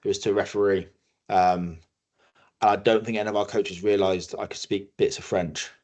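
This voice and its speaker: A man's voice: on the low side, flat delivery, moderate pace, darkish tone, lo-fi sound. A man from England, a guest on a sports podcast, telling stories casually with many restarts and acted-out quotes. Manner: storytelling with many restarts, acting out quoted voices. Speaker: guest, rugby player.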